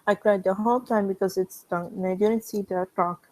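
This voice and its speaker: A woman's voice: mid-range voice, brisk, low-quality recording. A woman reading a fan story aloud with a strained throat, breaking off now and then for chatty asides to viewers. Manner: steady, chatty asides between passages. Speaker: fan reading fanfiction in character.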